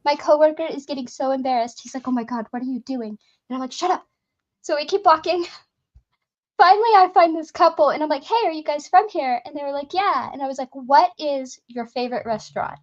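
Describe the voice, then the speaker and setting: A woman chatting casually, telling lively anecdotes full of fillers and acting out the people she talked to. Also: sits high, fast, few pauses, muffled recording. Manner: lively anecdotes, frequent fillers, acts out both sides of dialogue. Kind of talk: casual storytelling chat.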